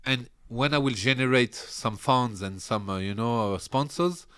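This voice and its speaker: A man's voice: mid-range voice, measured pace, clear, resonant tone. A man, a podcast guest telling stories casually and animatedly, laughing often. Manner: animated, laughs often, drops into character voices. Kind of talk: casual storytelling.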